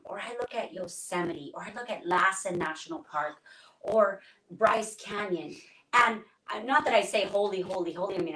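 A woman's voice: medium pitch, fairly bright tone. A woman co-hosting a casual Christian podcast, chatty, enthusiastic and affirming. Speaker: podcast co-host. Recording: echoey room, voice from off mic.

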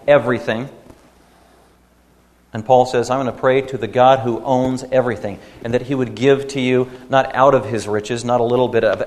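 A man's voice: medium pitch, a little mellow. A man preaching a sermon as a pastor, emphatic and building in intensity at times. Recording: long hall reverb.

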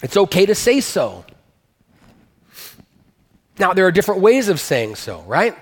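A man's voice: huge pitch swings, measured pace. Earnest male pastor preaching in a hall. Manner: earnest, emphatic, rises in pitch to stress points. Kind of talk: sermon.

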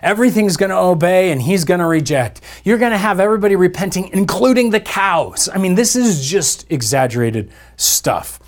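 A man's voice: sits high, lively intonation, normal speed, few pauses. A man preaching a sermon as pastor, in a conversational style with playful asides to his listeners. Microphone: church podcast mic.

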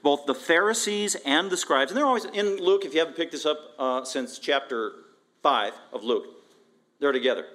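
A man preaching an expository sermon as pastor, emphatic and animated, repeating phrases and asking rhetorical questions. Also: mid-range voice, brisk. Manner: emphatic, animated, with frequent repetition.

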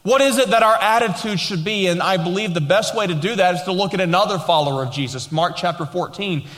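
Male pastor, sermon delivery: emphatic, slows and lifts for key points, reads scripture lower; long hall reverb. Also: fairly bright tone. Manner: emphatic preaching, slowing and rising for stress.

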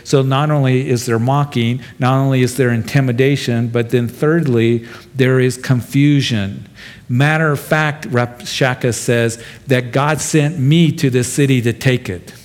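A man's voice: medium pitch, steady tone, measured pace. A pastor giving an expository sermon, talking to his congregation in a plain, conversational way and addressing them directly. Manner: conversational, speaks directly to the listeners.

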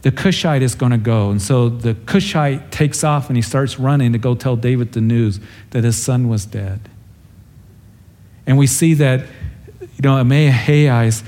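Male pastor, mid-pitched and mellow, earnest conversational sermon teaching. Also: a little slow. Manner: storytelling, acts out the characters with a raised voice. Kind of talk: verse-by-verse Bible teaching.

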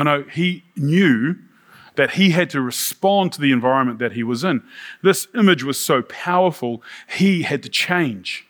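A man's voice: on the high side, fairly bright tone. A man preaching a sermon, reading scripture aloud and then talking it over in a casual way with asides.

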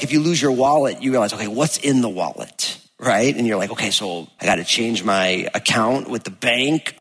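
A pastor from New Jersey giving a sermon, telling stories in a chatty way and acting out quotes. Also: male voice, medium pitch, breathy edge. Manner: chatty storytelling, acts out quotes. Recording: long hall reverb.

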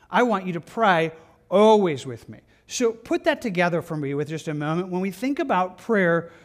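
Pastor, male, high register, conversational sermon delivery that mimics hurried, apologetic prayers. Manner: conversational preaching, acts out prayers with quick repeated phrases.

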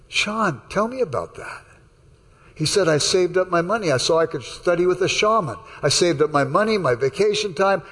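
A man's voice: a little high, gravelly, fairly bright tone, breathy edge, big-room sound. A man preaching a sermon in a conversational way, telling stories and acting out the dialogue. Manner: conversational, anecdotal, acts out dialogue. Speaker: pastor. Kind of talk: sermon with storytelling.

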